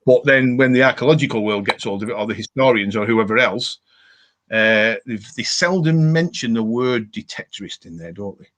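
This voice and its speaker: A man's voice: mid-range voice, normal speed, fairly bright tone. Blunt, matey British man hosting. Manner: blunt, matey, swears freely. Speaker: host of a live detecting show. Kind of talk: casual live-stream chat.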